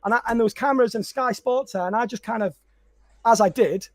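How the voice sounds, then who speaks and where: High-voiced animated man. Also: fast, no echo. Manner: animated storyteller, laughs often, many restarts. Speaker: podcast co-host and content creator. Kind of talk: casual chat.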